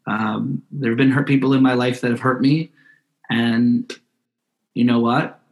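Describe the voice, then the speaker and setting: A man's voice: medium pitch, steady tone, a little slow. A man speaking as a podcast guest in a casual interview, earnest and heartfelt, often restarting his sentences.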